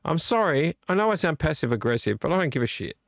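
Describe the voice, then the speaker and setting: A man's voice: on the high side, very animated, very fast, vocal fry, no echo. A man hosting a late-night live vlog, a bit tipsy from beer, rambling and blunt and swearing freely. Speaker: livestream host.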